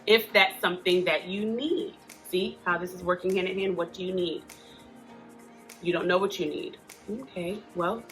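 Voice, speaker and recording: A woman's voice: lowish voice, steady tone, moderate pace, a bit bright, soft background music. A woman hosting a casual advice talk, speaking in a chatty, earnest way with frequent asides. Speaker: host giving parenting support advice.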